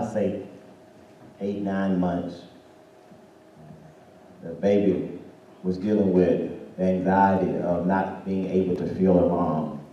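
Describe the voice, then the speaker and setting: A man's voice: low-pitched, muffled recording, a little hiss or hum. A man preaching a sermon and telling a story, answered by a congregation. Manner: call-and-response preaching, rising to shouts. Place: church sanctuary. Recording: roomy church sound from far off.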